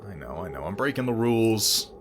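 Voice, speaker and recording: A man's voice: lowish voice, very animated, a little fast, noisy background. A man giving casual, sardonic and profane commentary while playing a video game. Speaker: let's play host.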